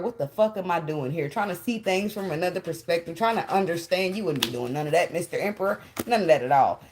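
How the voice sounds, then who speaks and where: A woman's voice: medium pitch, a little mellow. A woman giving a casual tarot reading, blunt and profane, laughing often as she talks. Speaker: tarot reader.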